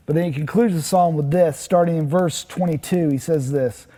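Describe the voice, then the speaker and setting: A man's voice: fairly high pitch, brisk, hardly any pauses, mellow. A man speaking as a pastor, giving a short, earnest devotional message in a plain, conversational way with some restarts. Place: church.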